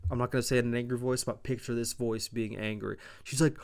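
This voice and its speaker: Dude recapping wrestling on his podcast, swears a lot, rambling and offhand, smooth clear voice, dry mouth. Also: medium pitch, fairly even intonation, fast. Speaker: podcast host. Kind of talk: casual wrestling show recap.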